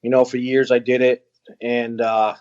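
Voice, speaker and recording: A man, a veteran, telling a personal story as an interview guest, earnest and halting, with frequent pauses and restarts. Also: medium pitch, flat delivery, darkish tone, clear, resonant tone, highs cut off. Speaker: guest, veteran who runs an outdoor organization for veterans.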